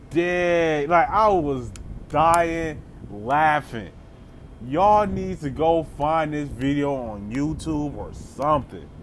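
A man telling a comedic story in a casual, animated way, full of slang and laughing asides. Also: a little high, slight background noise.

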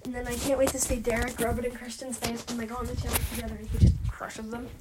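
Gushing high-voiced woman rambling a recap. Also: level tone, quick pace, very noisy. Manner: gushing, rambling, self-correcting. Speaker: fan recapping a reality show. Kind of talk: excited casual vlog recap.

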